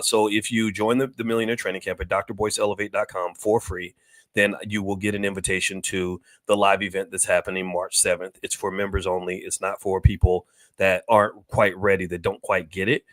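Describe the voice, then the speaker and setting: A man's voice: on the low side, fairly bright tone, no echo. A man hosting a finance talk, speaking emphatically to viewers with rhetorical questions and repeated points. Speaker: finance commentator and host. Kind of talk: preachy monologue to viewers.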